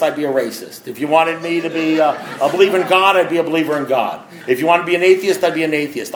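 A man's voice: fairly high pitch, roomy sound, rough recording. A man sharing a personal recovery story with an audience in a blunt, conversational way, acting out the voices of people in it. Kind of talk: candid personal talk to an audience.

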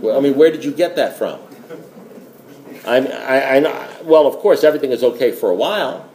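A man's voice: medium pitch, expressive, normal speed, a little mellow, roomy sound. A man telling a rambling, joking story at a recovery meeting. He repeats himself as he goes.

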